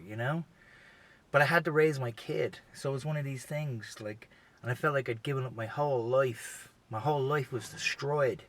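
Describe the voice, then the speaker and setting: A man's voice: mid-range voice, a bit bright. A man hosting a podcast, telling a long comedic story in a rambling, profane way full of "you know" asides. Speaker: podcast host.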